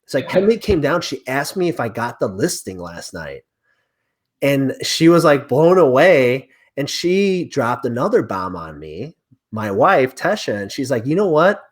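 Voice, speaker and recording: Animated man telling a family story. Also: medium pitch, a little slow. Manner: animated storyteller acting out quoted dialogue. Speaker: real estate agent, podcast guest. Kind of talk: conversational storytelling interview.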